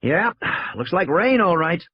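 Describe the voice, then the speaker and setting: A man's voice: high voice, very animated, a little slow, husky, muffled recording, voice pushed up, full character voice. A man reading an audiobook, voicing a breezy male publicist who waves off worries with glib reassurance.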